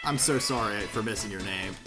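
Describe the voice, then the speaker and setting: A man streaming himself playing a video game, chatting casually with viewers, rambling and swearing with plenty of fillers and restarts. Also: brisk. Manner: rambling, profane, lots of fillers and self-corrections; animated, jumpy pitch. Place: home streaming setup. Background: video game music.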